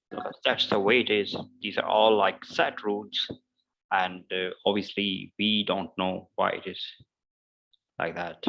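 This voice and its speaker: A man's voice: fairly low pitch, fairly bright tone, poor audio. A man teaching English pronunciation in an online lesson. He says each example word over and over, with frequent fillers between points. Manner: repeats each word slowly several times, with loose fillers.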